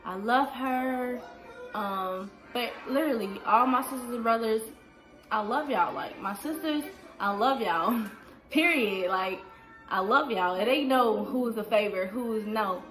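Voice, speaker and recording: Seorang wanita berusia dua puluhan menjawab pertanyaan penonton dengan santai di rumah, sering memakai "like" dan "um". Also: female voice, fairly high pitch, a little slow, a bit bright, faint music behind. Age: 20s. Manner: chatty, fills with "like" and "um". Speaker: vlogger. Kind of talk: casual Q&A vlog. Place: indoors at home.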